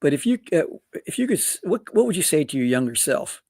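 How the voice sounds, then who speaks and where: A man hosting a podcast interview, asking questions slowly and thanking his guest. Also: fairly high pitch, sing-song, mellow, dry recording. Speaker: podcast host. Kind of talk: interview talk.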